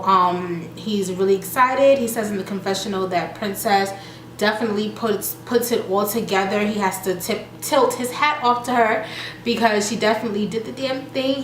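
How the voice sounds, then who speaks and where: A woman's voice: mid-range voice, slight background noise. Chatty woman recapping in an echoey room. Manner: chatty, retells scenes quoting the cast. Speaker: reality TV reviewer. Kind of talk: casual recap vlog.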